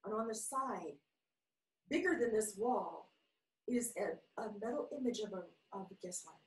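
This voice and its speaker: Animated woman telling stories in an echoey room. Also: mid-range voice, normal speed, recorded from a distance. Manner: animated, playful, acts out voices in her stories. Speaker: guest storyteller. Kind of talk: casual spiritual storytelling. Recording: echoey room, voice a bit off-mic.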